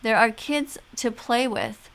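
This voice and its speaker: A woman's voice: a little high, huge pitch swings, slow, vocal fry, a bit bright, exaggerated voice. A woman reading as a friendly cheerful dog. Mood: eager.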